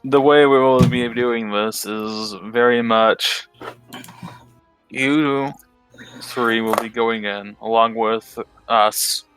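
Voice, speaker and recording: Slow-talking man running a tabletop game. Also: mid-range voice, steady tone, a bit bright, clean tone, faint music behind. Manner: halting, thinking aloud. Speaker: game master.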